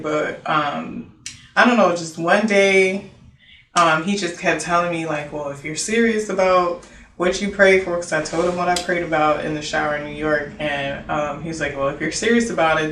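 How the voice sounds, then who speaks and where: Animated woman telling a story in an echoey room. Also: low-pitched. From Haiti. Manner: animated, filler-heavy, quoting herself and others. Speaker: interview guest. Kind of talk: casual storytelling. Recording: roomy echo, distant mic, faint noise.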